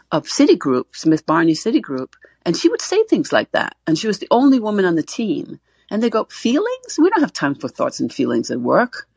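Middle-aged woman co-host, husky and low, dry close sound, earnest explainer. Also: no echo. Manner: earnest, explanatory, repeats words when starting. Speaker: co-host, gender expert. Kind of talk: casual panel discussion. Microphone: online audio call.

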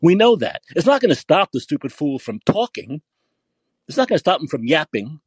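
A man's voice: a little high, big pitch swings, fairly quick, husky, no echo. A man hosting a podcast and delivering an angry political rant, full of cursing and repetition. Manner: angry, profane, repetitive ranting. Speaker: podcast host.

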